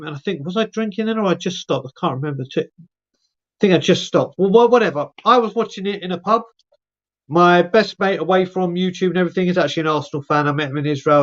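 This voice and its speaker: A man hosting a live fan stream, telling a story in a chatty, animated way. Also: high-pitched, fairly quick, lo-fi sound. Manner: chatty, animated storyteller who mimics friends. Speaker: show host.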